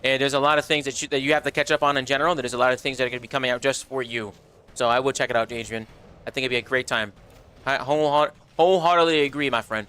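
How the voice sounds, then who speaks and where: Bright, animated young male streamer. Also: mid-range voice, rapid-fire, smooth. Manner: animated, slangy, reads chat aloud. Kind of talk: casual livestream chat.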